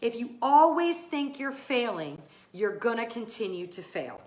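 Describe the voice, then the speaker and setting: A woman's voice: on the high side, very animated, unhurried. A woman podcast host and business coach giving a motivational talk, emphatic and fired up, cursing casually as she urges listeners on. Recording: roomy, echoey room.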